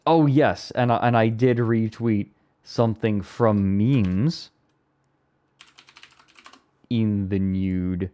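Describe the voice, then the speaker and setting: A man's voice: on the low side, takes it slowly, pauses often, warm tone. A man live streaming who chats casually, rambling and amused with himself. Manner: rambling, self-amused, breaks into laughter.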